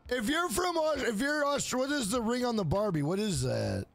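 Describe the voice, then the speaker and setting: A man's voice: very high-pitched, big pitch swings, moderate pace, gravelly, fairly bright tone, soft background music. A man live-streaming a video game, chatting casually with viewers in a rambling, profane way.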